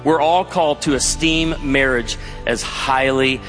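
A man preaching a sermon, telling stories and slowing down for emphatic points. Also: medium pitch, a bit bright, soft background music. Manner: storytelling preacher, shifting between quick asides and slow emphatic lines. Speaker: pastor. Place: large hall before an audience. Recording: long hall reverb.

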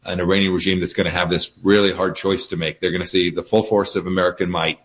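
A man giving firm, measured political commentary as a guest, often repeating words as he starts a sentence. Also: low-pitched, flat delivery, a bit bright. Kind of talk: political interview by phone or video link.

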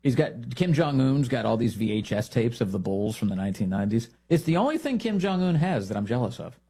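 A male talk show host from the United States delivers opinionated commentary with a mocking, sarcastic edge. His pitch swings widely as he riffs, and his voice carries a husky texture. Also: sing-song, fairly quick, dark tone.

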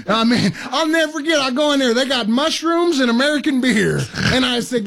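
Man, co-host, very high voice, gravelly, folksy jokes, casual banter. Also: moderate pace, fairly bright tone. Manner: folksy, joking, drawling.

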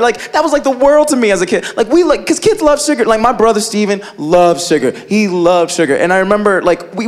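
A man doing a stand-up routine, acting out family members in animated voices. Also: sits high. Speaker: stand-up comedian. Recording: live club recording with crowd noise.

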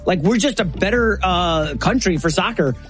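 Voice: mid-range voice, faint music behind. A co-host on a sports talk show, chatting casually and animatedly and setting up segments. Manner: chatty, animated, quick to laugh.

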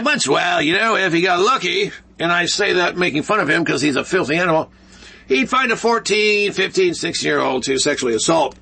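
A male talk show host on his own in a studio, ranting with animated, sarcastic energy. His voice is high and gravelly, with a husky edge. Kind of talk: solo ranting commentary. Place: broadcast studio, alone.

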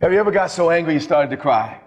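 A man preaching an impassioned sermon as pastor, slowing down to stress points. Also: a little high, lively intonation. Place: large church hall. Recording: long church hall reverb.

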